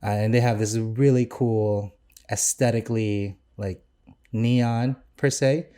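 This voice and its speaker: A man's voice: on the low side, steady tone, slow pace, mellow, smooth. A young man, a chef co-hosting a podcast, talking casually and enthusiastically with lots of fillers and restarts.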